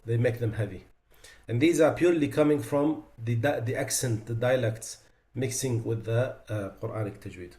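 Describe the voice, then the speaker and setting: A man teaching Quran recitation, explaining pronunciation mistakes and slowly demonstrating the right and wrong sounds. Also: mid-range voice, a little mellow. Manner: demonstrates pronunciations slowly and with emphasis, then explains in plain speech. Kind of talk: tajweed lesson. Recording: echoey room.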